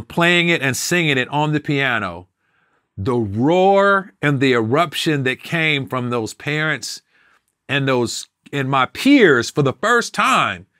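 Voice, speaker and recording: A man sits as an interview guest and recalls his past with real feeling. His voice is a touch high, and the sound is dry and close to the mic. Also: bright, forceful tone, no echo. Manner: emotional, sings snatches of a song while recounting. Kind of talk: storytelling in a sit-down interview.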